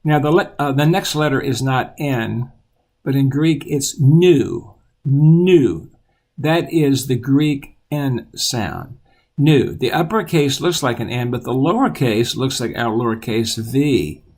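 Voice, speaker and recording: A man teaching children the alphabet, patiently repeating each letter aloud in a steady voice. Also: medium pitch, measured pace.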